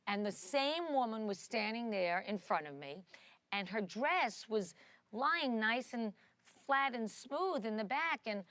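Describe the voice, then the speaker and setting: A woman's voice: on the high side, animated, a little slow, a bit bright, no echo. A woman telling a joke in a chatty way, full of fillers. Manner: chatty, with fillers like "you know".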